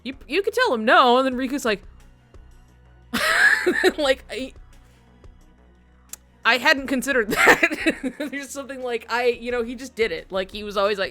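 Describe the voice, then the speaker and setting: A woman's voice: a little high, big pitch swings, moderate pace, bright, forceful tone, faint music behind. A young woman streamer chatting casually while she plays, rambling with lots of fillers and frequent giggles. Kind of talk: casual chat while gaming.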